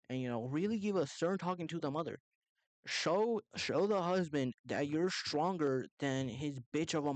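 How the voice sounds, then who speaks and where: A man's voice: medium pitch, a little mellow, no room sound. Young man, casual reaction commentary, profane, rambling, laughs a lot, dead dry close mic. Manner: rambling, profane, laughs often, heated bursts.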